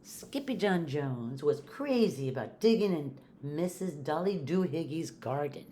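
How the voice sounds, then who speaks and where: An older woman with a notably low voice reads a children's picture book aloud. She is a retired teacher, friendly and lively as she reads for kids at home. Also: a little slow, a little hiss or hum. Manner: friendly, animated reading to kids. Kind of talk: storybook read-aloud.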